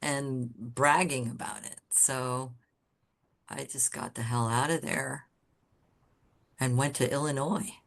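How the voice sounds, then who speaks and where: A woman guest on a podcast, telling candid stories about her design career in a blunt, swearing, animated way. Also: very deep voice, takes it slowly, vocal fry, long pauses. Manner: animated storyteller who acts out quoted people. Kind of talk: casual storytelling interview.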